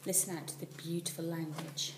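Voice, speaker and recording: A woman's voice: sits low, fairly quick. Woman reading a storybook aloud, echoey. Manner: expressive, dropping to a whisper at times. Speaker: teacher. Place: school classroom. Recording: echoey room, far from the mic, faint hum.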